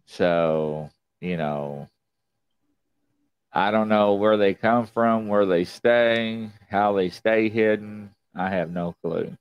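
A man hosts a casual podcast interview and eagerly agrees with his guest. His voice is very low. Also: slow pace, clear, resonant tone, dull audio. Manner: eagerly agreeing, says "absolutely". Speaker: podcast host.

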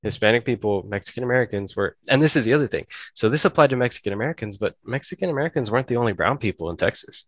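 A man's voice: medium pitch, lively intonation, rapid-fire, few pauses, dry recording. A man hosting a podcast in a casual discussion, talking earnestly and bluntly and often correcting himself as he goes. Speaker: podcast host.

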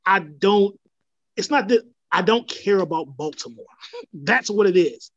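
A young man co-hosting a podcast, chatting casually, quick and profane, laughing often and calling friends "dog". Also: high voice, lively intonation, a bit bright, no echo. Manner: rapid, profane, laughing, says "dog" a lot. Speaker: podcast co-host. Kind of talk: casual chat. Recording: slightly dull lo-fi podcast audio.

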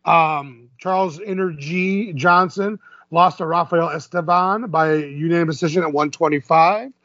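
Chatty high-voiced man, dry dull sound. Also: moderate pace, fairly bright tone, no echo. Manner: chatty, laughs often, filler-heavy. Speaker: podcast co-host. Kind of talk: casual fight-results recap.

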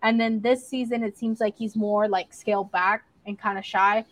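A woman's voice: medium pitch, steady tone, moderate pace, dry recording, low-quality recording. A young woman co-hosting a podcast, recapping a series in casual chat and swearing freely as she tells the story. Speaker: podcast co-host.

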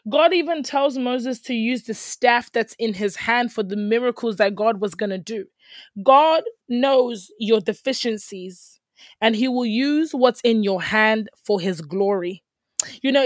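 An earnest woman speaking in a fairly high voice, giving a casual faith talk. She repeats phrases and stops to correct her own words. The sound is dry and close. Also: no echo. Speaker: Christian speaker.

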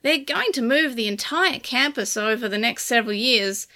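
A man's voice: very high-pitched, expressive, moderate pace, sharp tone, full character voice. A woman voicing a distracted, grumbling male assistant professor in a storybook reading, with a grunting, curt way of talking.

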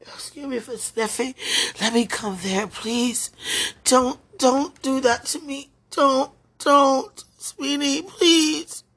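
A tearful woman in an emotional spoken prayer, pleading in halting, repeated phrases. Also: sits high, a bit bright, breathy edge.

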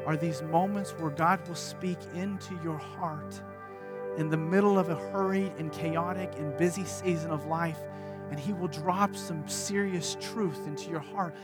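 A man in his thirties preaching a sermon as pastor, earnest, moving from hushed lines to animated storytelling. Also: a little high, normal speed, over loud music.

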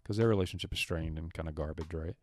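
A man's voice: very deep voice, quick pace, no room sound. A man co-hosting a podcast, loosely retelling a film's scenes and acting out the characters' lines. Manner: loose, rambling, many restarts. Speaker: podcast co-host. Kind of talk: casual movie recap chat.

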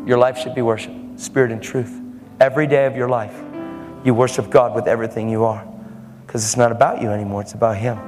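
A man's voice: medium pitch, little pitch movement, fast talker, darkish tone. Emphatic male preacher in a reverberant hall. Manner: bold, emphatic, laughing asides. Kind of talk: sermon. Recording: hall reverb with faint music.

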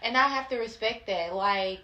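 Bright-voiced woman in an echoey room. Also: fairly high pitch, normal speed, muffled recording, a little hiss or hum. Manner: candid, blunt, slangy. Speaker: podcast co-host. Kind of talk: casual chat.

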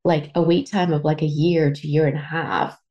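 A woman's voice: low voice, flat delivery, moderate pace, darkish tone, highs cut off. A woman in her thirties from Canada, telling a candid personal story as a podcast host, emotional and tearful at times, swearing and full of fillers. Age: 30s.

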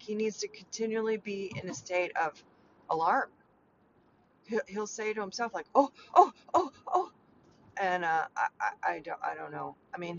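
A woman's voice: on the low side, creaky, fairly bright tone. A middle-aged woman hosting her own podcast, talking in a rambling, chatty way full of fillers. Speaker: podcast host, clarity coach. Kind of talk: casual personal monologue. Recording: slightly dull lo-fi sound with faint noise.

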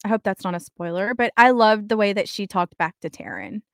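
A woman co-hosting a podcast in casual book chat, animated and acting out characters' lines. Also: medium pitch, fairly quick, dry recording, clean studio sound. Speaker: podcast co-host.

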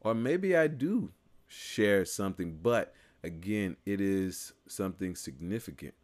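Hesitant man with a lowish voice. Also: lively intonation, a little slow. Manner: hesitant, searching for words, many fillers and restarts. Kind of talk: casual faith discussion.

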